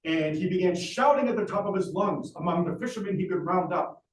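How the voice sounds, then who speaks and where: A man with a fairly high voice tells a history as a gripping story, stopping often for "uh" fillers. He sounds set back from the microphone in a roomy space with echo, and a faint hiss runs underneath. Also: brisk, few pauses, recorded from a distance. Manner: dramatic storyteller with frequent "uh" fillers. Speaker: lecturer. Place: library talk room.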